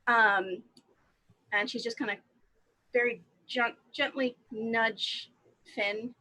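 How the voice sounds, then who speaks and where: A woman playing a tabletop game, hesitantly describing her character's actions with many pauses and ums. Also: a little high, steady tone, pushed and bright, poor audio.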